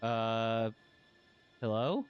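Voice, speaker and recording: A man's voice: on the low side, drawn-out words, clear, resonant tone, dull audio, soft background music. A man streaming a game and chatting casually, rambling and swearing as he restarts his phrases. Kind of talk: casual livestream chat.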